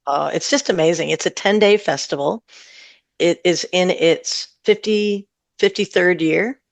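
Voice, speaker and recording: A middle-aged woman talks through her music career in a rambling, friendly way, often laughing between thoughts. Her voice has a gravelly, creaky texture. The sound is dry and close, with no room echo. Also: on the low side, unhurried. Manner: chatty and warm, laughs often, rambles with fillers. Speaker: singer-songwriter guest. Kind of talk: casual interview chat.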